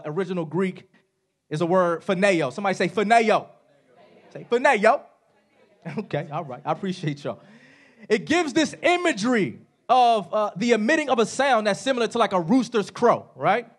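A man delivering a sermon in a church sanctuary, his high voice swooping through a wide range. He drops soft at the ends of phrases and builds to shouts at the peaks. He talks casually to the congregation and has them repeat words back to him. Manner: animated preaching, calls on the congregation to repeat words; casual, says "y'all" and "right?". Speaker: preacher.

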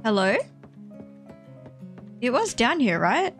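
A woman's voice: a little high, sing-song, slow, faint music behind. A woman giving casual let's play commentary as she explores a game, chatty and hesitant with many fillers, breaking into squeals of delight at cute animals.

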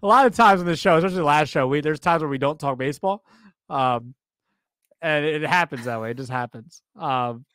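A man co-hosting a baseball podcast in a casual, animated chat, rambling and often repeating himself. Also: on the high side, a little fast, smooth, no room sound, studio quality. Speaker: podcast co-host.

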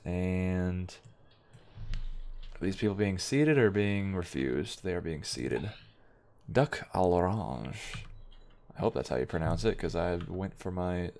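A young gaming video host with a low, gravelly, darkish voice provides offhand, wry let's-play commentary while playing, muttering remarks to himself.

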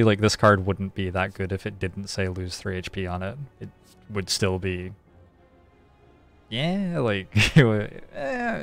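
Low-voiced man casually commentating a game. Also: gravelly. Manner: relaxed, thinks aloud, explains at length with frequent "like". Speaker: game streamer. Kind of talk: casual live-stream gameplay commentary.

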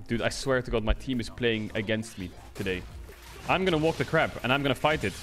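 A man's voice: medium pitch, brisk, fairly bright tone, soft background music. A young man streaming a video game and commenting live, exasperated with his teammates, swearing and laughing in disbelief.

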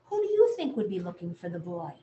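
A woman librarian reading a bedtime picture book aloud, gently talking to young children in an echoey room. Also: on the low side, huge pitch swings, fast talker, muffled recording. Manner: gentle, sing-song, talks to children.

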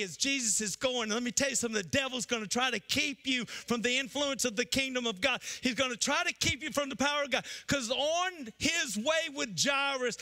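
Pastor guy preaching loud, high bright gravelly voice, goes from shouting to low. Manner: preaching in bursts, shouting and then dropping low; acts out the people in the story in their voices. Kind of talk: sermon.

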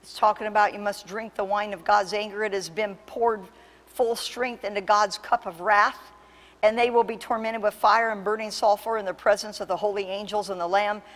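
A woman pastor preaching a sermon with impassioned, emphatic delivery that surges to loud peaks. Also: medium pitch, steady tone, normal speed, big-room sound. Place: church sanctuary.

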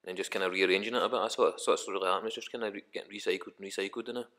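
A man's voice: low-pitched, steady tone, very fast, fairly bright tone. A young Scottish man, a rapper guest on a podcast, talking in a rambling, casual way and swearing often. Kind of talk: casual chat.

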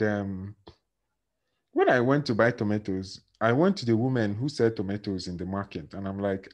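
A man with a Nigerian accent lecturing on law, telling stories and acting out dialogue with his class. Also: lowish voice. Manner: animated, acts out dialogue and questions students.

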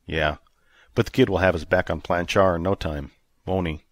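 A man voicing a wounded, feverish male spaceship captain who grumbles low and stubbornly in an audiobook. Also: fairly even intonation, normal speed, no room sound, close to an everyday voice. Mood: grumbling. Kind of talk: audiobook character reading.

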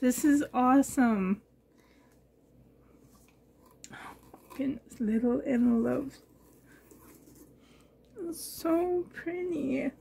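A reborn doll collector unboxes a gift on her vlog, gushing with breathy exclamations, emotional and slightly shaky. Her high, mellow voice stretches each word out very slowly, with slight background noise behind her.

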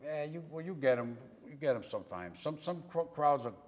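A man's voice: on the high side, expressive, fairly quick. An older man, a comedian guest, telling an exaggerated story in a casual chat. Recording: long reverb.

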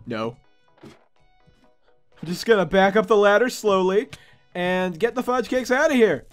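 A young man giving gameplay commentary as a YouTuber, excitable and prone to panicked yelps and screams before dropping back to quiet muttering. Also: high-pitched, unhurried, long pauses, faint music behind. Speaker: gaming YouTuber.

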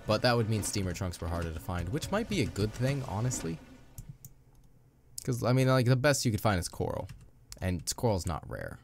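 A man's voice: on the low side, big pitch swings, normal speed. A young man giving casual, chatty commentary while playing a video game, upbeat with playful asides. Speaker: let's play host. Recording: music playing underneath.

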